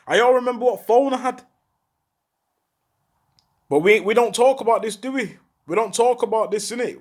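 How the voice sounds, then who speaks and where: Urgent high-voiced talker. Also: male voice. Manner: urgent, repeats rhetorical questions, heavy street slang. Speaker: former prisoner speaking out. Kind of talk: impassioned monologue to camera.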